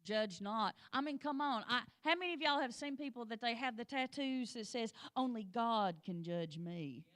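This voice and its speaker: A woman's voice: fairly high pitch, moderate pace, a bit bright. A woman teaching a Sunday school lesson, plain-spoken and folksy, with joking asides, and urging the class on directly.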